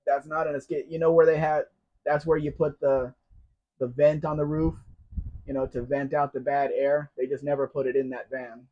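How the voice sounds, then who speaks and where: A man's voice: fairly high pitch, flat delivery, normal speed. A man hosting a live Q&A, reading viewer comments aloud and answering them with dry jokes. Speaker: host. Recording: dull lo-fi stream audio.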